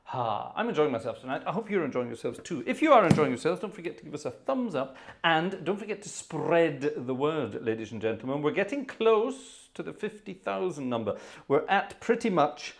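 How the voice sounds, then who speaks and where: A man's voice: a little high, big pitch swings, fairly quick, vocal fry, a little hiss or hum. Jovial rambling male organist host. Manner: jovial, rambling, chuckling asides. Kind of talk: casual live-stream chat between pieces. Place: hot indoor room at an organ console.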